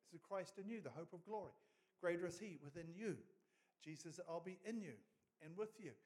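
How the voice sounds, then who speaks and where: A middle-aged New Zealand man preaching with a fairly high voice and lots of swing between loud, emphatic peaks and hushed storytelling. He tells his stories in a loose, conversational way. His talk keeps building toward forceful punchlines. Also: brisk. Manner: animated, rising to loud emphatic peaks and dropping quiet for stories. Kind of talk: sermon storytelling.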